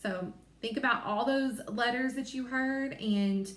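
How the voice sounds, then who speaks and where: A woman teacher giving a recorded phonics lesson to young children, sounding out letters and word parts slowly and clearly. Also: fairly high pitch, roomy sound.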